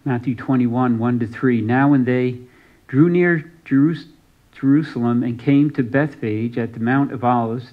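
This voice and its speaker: Man, pastor, sermon, reads scripture with dramatic emphasis, slightly dull sound. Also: medium pitch.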